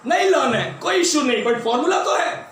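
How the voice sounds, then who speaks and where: A man's voice: very high voice, sing-song, racing, fairly bright tone. A man teaching physics at a board with an Indian English accent, calling his students "my dear" and repeating key terms. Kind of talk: classroom lecture at a board. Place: classroom. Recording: very echoey classroom, voice from a distance, faint noise.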